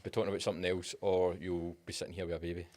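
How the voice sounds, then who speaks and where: A man's voice: sits low, level tone, racing, darkish tone. A Scottish man co-hosting a casual podcast, chipping in with easygoing questions. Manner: easygoing, brief interjections and questions. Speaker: podcast co-host.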